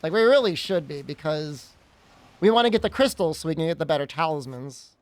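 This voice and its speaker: While streaming a game, a man chats and rambles casually, giggling often and teasing. His voice is a little high, animated and brisk, with no echo.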